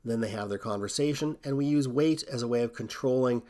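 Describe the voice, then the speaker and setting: A man hosting a coding tutorial, thinking aloud in a relaxed way as he walks through a screen recording. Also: medium pitch, brisk.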